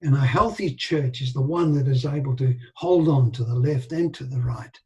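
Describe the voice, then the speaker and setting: An older man, telling animated anecdotes with quoted dialogue as an interview guest. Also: mid-range voice, normal speed, poor audio. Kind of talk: storytelling in a casual interview.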